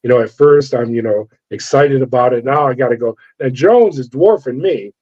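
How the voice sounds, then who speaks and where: Middle-aged man, former guard, animated yarn-spinner; mellow, slightly raised pitch, lo-fi audio. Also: moderate pace. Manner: animated storyteller acting out dialogue. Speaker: former corrections officer. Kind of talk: storytelling interview. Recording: dull lo-fi sound.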